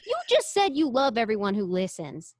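A woman's voice: a little high, very animated, moderate pace. A young adult woman hosting a casual chat podcast, teasing and exclaiming a lot. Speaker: podcast host.

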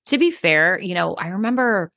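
A woman's voice: lowish voice, expressive, normal speed, gravelly, sharp tone, no echo, clean studio sound. A woman hairstylist co-hosting a casual chat, agreeable and emphatic. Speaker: podcast co-host, hairstylist.

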